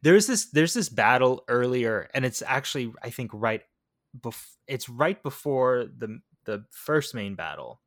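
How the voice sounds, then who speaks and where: Male co-host, mid-pitch, dry close mic, eager halting recap style. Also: sing-song, dry recording. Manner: stumbling restarts, enthusiastic retelling. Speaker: podcast co-host. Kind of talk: casual movie recap chat.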